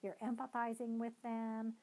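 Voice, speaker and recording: A woman's voice: fairly high pitch, completely flat delivery, moderate pace, a little mellow, rough recording. A woman who is a neuropsychologist and team coach, giving a live-streamed motivational talk in a conversational, explanatory way with frequent hedging fillers.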